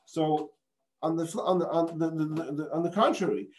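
A man's voice: on the high side, steady tone, normal speed. A man teaching as a rabbi, reading a passage and explaining it with rhetorical questions, Hebrew terms and frequent restarts. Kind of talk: explaining a text.

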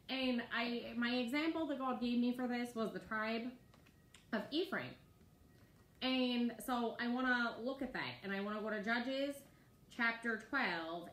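Woman preaching, chatty, in an echoey room. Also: a bit bright. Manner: conversational, keeps asking "right?" to the listeners. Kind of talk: casual sermon teaching. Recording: roomy echo with faint rumble.

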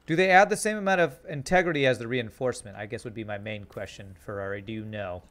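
A man streaming a game, thinking out loud and chatting to his viewers in a casual way. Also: fairly low pitch, quick pace. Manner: thinks aloud, chats to viewers. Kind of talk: casual live-stream gameplay commentary.

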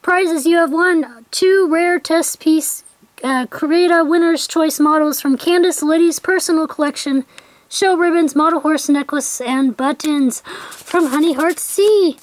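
A young woman unboxing a package in a vlog, gushing and breathless with excitement, gasping often. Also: high-pitched, unhurried, no echo, low-quality recording. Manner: quiet aside voice while handling things. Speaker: vlogger.

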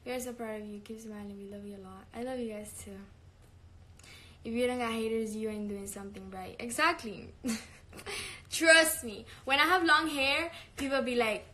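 A woman's voice: on the high side, normal speed, bright, forceful tone. A young woman chatting casually on a livestream, brash and profane, laughing often. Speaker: singer on a live stream.

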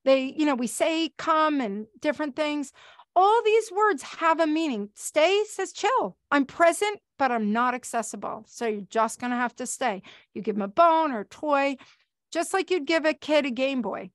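Middle-aged woman trainer, high bright voice, lively webinar presenter, dry close sound, no room echo. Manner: chatty and animated, talks fast with fillers. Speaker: pet trainer. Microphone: video call.

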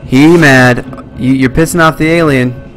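A man's voice: medium pitch, steady tone, measured pace, fairly bright tone, faint music behind. A young man commentating a live horror game stream, jumpy and swearing at scares. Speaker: let's play streamer.

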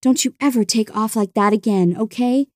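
A woman's voice: on the high side, normal speed, darkish tone, no room sound, studio quality, lightly acted. A woman voicing a caring mother who speaks in a tender, emotional way. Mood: pleading.

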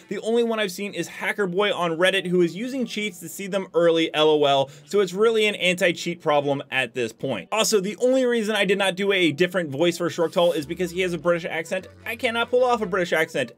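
A man giving casual gaming commentary as a YouTuber, chatty with joking asides. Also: sits high.

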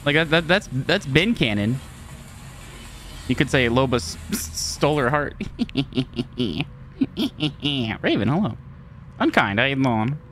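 Streamer, gameplay commentary, huge pitch swings, bright, laughs and curses, slow talker. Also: a little hiss or hum. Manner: excitable, laughs often, swears, talks to chat.

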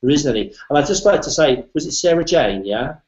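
A British man talks bluntly and jokes as he pitches a business. His voice comes over a lo-fi video call with an echoey room sound. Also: lively intonation, a little fast, a little mellow. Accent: British English. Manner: blunt, jokey, salesy. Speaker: business presenter. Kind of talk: casual online hangout chat. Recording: echoey, dull lo-fi web call audio.

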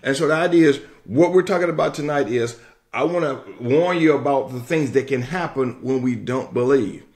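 A man preaching a sermon with an emphatic, repetitive cadence and drawn-out declarations. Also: medium pitch, a little mellow.

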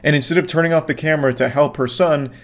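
A man hosting a commentary video, speaking in a deadpan, mocking way and swearing freely. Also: a little high, fast talker. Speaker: commentary host.

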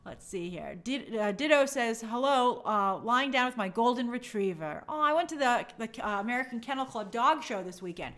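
With a fairly high, expressive, slightly bright voice, a New York livestream host reads out viewer comments at a moderate pace with few pauses. She's bubbly and gushing in this casual chat, stumbling over tricky names.

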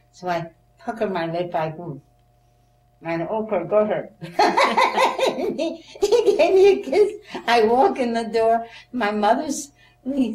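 An older woman with a lowish voice shares memories in an oral history interview. She is a lively storyteller who acts out the voices of the people involved and laughs often, recorded in an echoey room slightly off-mic with a faint hum.

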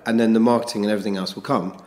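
A man who is a chef, talking as a podcast guest in a relaxed, measured way. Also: lowish voice. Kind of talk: casual podcast interview.

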